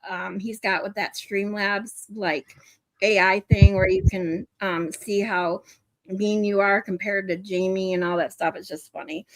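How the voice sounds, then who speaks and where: A woman's voice: medium pitch, fairly bright tone, no echo, studio quality. A woman hosting a livestream, chatting casually, laughing often and swearing freely. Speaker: livestream host. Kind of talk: casual chat, profane.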